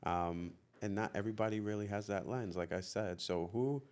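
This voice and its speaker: Deep-voiced male podcast host. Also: normal speed, darkish tone, clear, resonant tone. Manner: affirming, thoughtful, with many fillers. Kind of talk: conversational interview.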